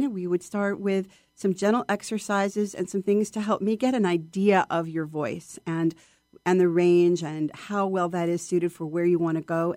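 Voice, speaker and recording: Woman voice teacher, expressive, mid pitch, dry studio sound. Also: dry recording. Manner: expressive, acts out voices of students. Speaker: voice coach guest. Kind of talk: casual interview chat.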